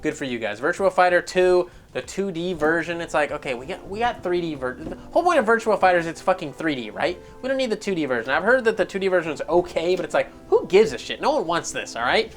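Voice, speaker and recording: A man's voice: a little high, very animated, quick pace, few pauses, soft background music. A man hosting a gaming news show, giving casual commentary in a profane, exasperated rant.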